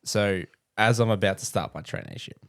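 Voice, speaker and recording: A man's voice: lowish voice, fairly quick, fairly bright tone, clear, resonant tone, no room sound, studio quality. An Australian man, a podcast guest and golf coach, in casual chat. He teases and laughs at his own pranks.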